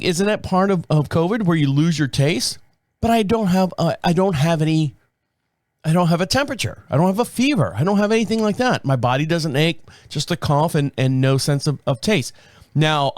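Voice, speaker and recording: A man's voice: a little high, dry recording. Rambling middle-aged man, dry close sound. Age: 50s. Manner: rambling, self-correcting storytelling. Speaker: podcast host. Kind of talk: casual solo talk.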